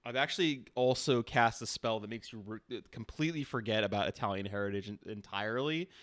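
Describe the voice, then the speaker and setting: A man's voice: on the low side, fairly bright tone, dry recording. Playful male streamer, dry close sound. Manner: teasing, playful, quick to laugh. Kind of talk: casual chat with an AI character.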